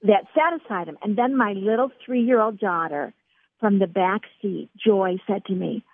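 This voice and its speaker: A woman's voice: mid-range voice, moderate pace. Woman on a tinny phone line. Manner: earnest, encouraging, speaks to host by name. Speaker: author and guest. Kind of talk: faith radio interview.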